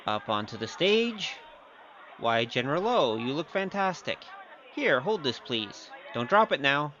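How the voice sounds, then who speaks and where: An actor playing a cocky young male thief who speaks in a wry, playful, quick-witted way, narrating his tale in a radio play. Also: on the high side, big pitch swings, pushed and bright, dull audio, a faint crowd, slight background noise, heavily acted. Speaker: narrator and lead.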